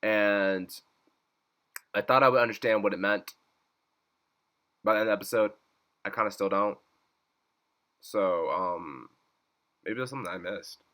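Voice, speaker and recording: A man giving a casual episode recap, animated, swearing freely and breaking into laughter and squeals. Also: on the low side, measured pace, long pauses. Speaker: YouTube reviewer.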